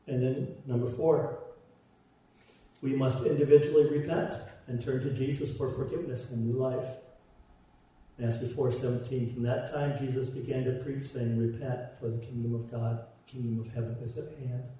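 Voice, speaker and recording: A man's voice: medium pitch, level tone, moderate pace, dark tone, a little hiss or hum. A man preaching a sermon, stressing his points through repeated parallel phrases. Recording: roomy echo, voice from far off.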